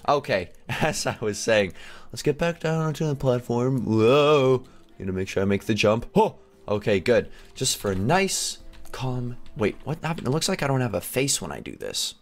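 Excitable young man commenting on a game. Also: lowish voice. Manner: excitable, chatty, addresses viewers. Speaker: gaming video host.

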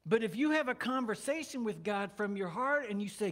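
A man's voice: high voice, expressive, normal speed, few pauses, fairly bright tone. A man preaching a sermon as pastor of a church, talking in a conversational way with joking asides.

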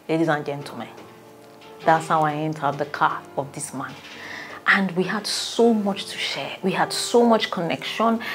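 A Nigerian woman, a relationship coach, telling a personal story in an animated way and often breaking into laughter. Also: lowish voice.

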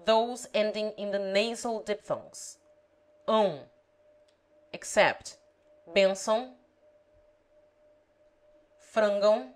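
Slow, careful woman reading a lesson. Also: medium pitch, a little mellow, poor audio. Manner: careful, deliberate reading with example words spelled out. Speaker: language teacher. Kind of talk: slow read-aloud grammar lesson.

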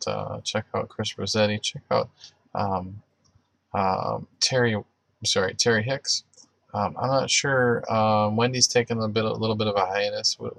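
Low gravelly man, prayer and chat. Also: fairly bright tone, no echo. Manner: halting, many fillers and restarts. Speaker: livestream host. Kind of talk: closing prayer and live chat with viewers.

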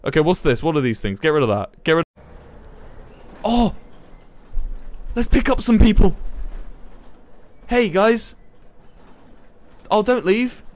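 A young man, commentating a live game stream in a flustered, excitable way, swearing and laughing. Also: sits high, takes it slowly, pauses often. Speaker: livestreamer.

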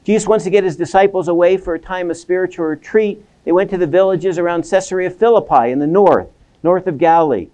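A man with a high, warm voice talks fast as he gives a seminary lecture on the Bible. He poses questions and answers them himself, and keeps checking in with his listeners with "right?"

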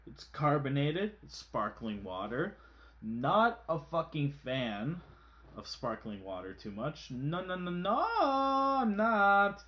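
A man's voice: on the high side, expressive, takes it slowly, a bit bright. An overtired man hosting a casual water review vlog, goofy and profane, with exaggerated outbursts.

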